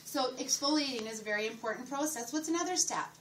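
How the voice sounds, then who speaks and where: A woman's voice: high voice, animated, fast. A middle-aged woman giving a sales training talk, enthusiastic and often asking her audience questions. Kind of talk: sales training talk with role-played pitch. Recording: distant mic with faint room noise.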